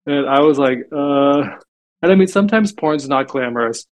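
Pitched on the high side and quite expressive, this man talks at a moderate pace. He's a podcast guest telling chatty stories in a relaxed interview, filling pauses with frequent "like"s.

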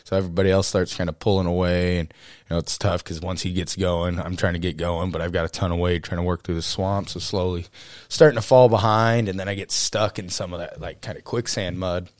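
A man's voice: low-pitched, flat delivery, a little fast, a little mellow, no room sound, studio quality. A young man co-hosting a podcast, telling a long story in a rambling, casual way with lots of "you know" and "uh". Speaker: podcast co-host.

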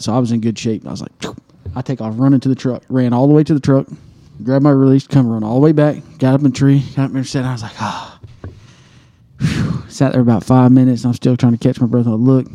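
A man's voice: medium pitch, mellow. A man on a podcast, telling a hunting story casually, swearing and acting out his own reactions. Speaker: podcast co-host.

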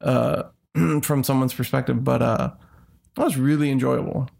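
A man's voice: mid-range voice, steady tone, moderate pace, vocal fry, darkish tone. A man in casual podcast chat, easygoing and filler-heavy, giving wry takes on movies.

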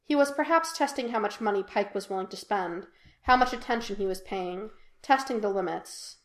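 A woman reading a fan fiction audiobook in an even, unhurried storytelling voice. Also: mid-range voice. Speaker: podfic reader. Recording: echoey room.

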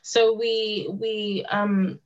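A woman speaking as a panel guest in a casual discussion, thoughtful and measured, building her point through an analogy. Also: medium pitch, level tone, lo-fi sound.

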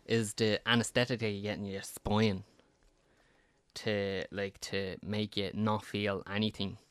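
A man's voice: lowish voice, level tone, a little slow, fairly bright tone, clean tone, no room sound. A young man co-hosting a podcast, telling a story in casual, rambling chat with many stop-start restarts. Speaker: podcast co-host.

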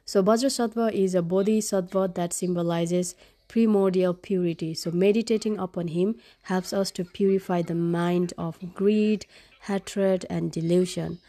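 A woman with a fairly low voice reads a text aloud in a relaxed, casual way. She stops now and then to explain it in simple words, and she is sick with a cough. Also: normal speed. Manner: reads from a web page, adds plain explanations. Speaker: parent and vlogger.

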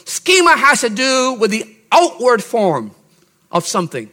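A pastor preaching an expository sermon in a teacherly way, checking in with his listeners and building up to loud, emphatic exhortation. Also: very high-pitched, wildly swooping pitch, unhurried. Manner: teacherly, checks in with "Okay?" and "See?".

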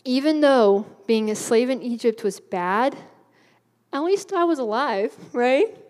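A woman's voice: a little high, animated, unhurried, a little mellow. A young woman giving a youth sermon in a bubbly, chatty way, laughing often. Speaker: youth speaker. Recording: hall reverb.

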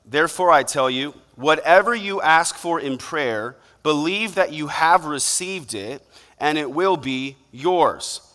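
Lively young preacher in a reverberant hall. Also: male voice, on the high side, measured pace. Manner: conversational preaching with lively acted-out asides. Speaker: pastor. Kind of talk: sermon.

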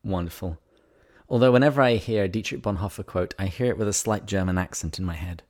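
Low-voiced Englishman, wry podcast host. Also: fast talker, a little mellow. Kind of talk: casual podcast chat.

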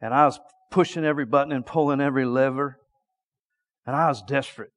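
A middle-aged male preacher telling a story in a sermon, dropping to a hush and then shouting. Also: mid-range voice, quick pace. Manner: lively storytelling that swings from hushed to shouting.

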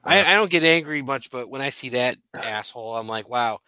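Male podcast co-host, bright tense tone, dry close mic, loose profane rambling chat. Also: medium pitch, animated, a little fast, smooth, dry recording. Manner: laughing, profane, rambling with restarts. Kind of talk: casual chat.

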